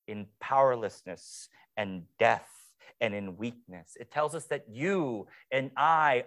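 A young man preaching a sermon as pastor, swinging between hushed, quiet passages and playful mock-excited sarcasm. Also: mid-range voice.

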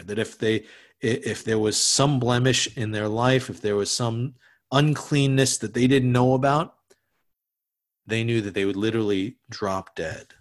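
Preaching in a fairly low voice, this pastor keeps things conversational, frequently restarting and adding asides while lowering to a hush on the solemn words.

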